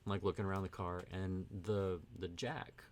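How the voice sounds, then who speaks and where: A man's voice: sits low, level tone, normal speed, a little hiss or hum. A man from Texas, a podcast host, casually telling a rambling anecdote packed with "like" and acted-out quotes. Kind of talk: casual storytelling chat.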